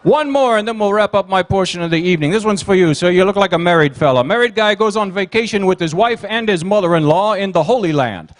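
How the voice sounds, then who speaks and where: A man working as comedian and emcee at a banquet, telling quick one-liners and teasing the audience. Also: high voice, animated. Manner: rapid one-liners with teasing crowd work. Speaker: comedian and emcee at a gala dinner. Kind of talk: stand-up joke routine. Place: banquet hall.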